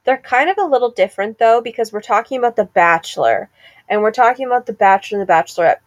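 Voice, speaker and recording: A young woman co-hosting a podcast, chatting casually and gossiping about reality TV with quick laughs. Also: on the high side, lively intonation. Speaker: podcast co-host. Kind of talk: casual chat.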